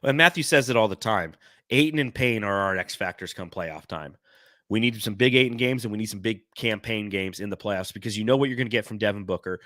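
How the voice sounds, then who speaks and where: A man's voice: fairly low pitch, fairly quick, bright, forceful tone, dry recording, clean studio sound. A man hosting a casual sports podcast, chatting in a laid-back, joking way. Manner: laid-back, joking, reads fan comments aloud. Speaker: podcast host.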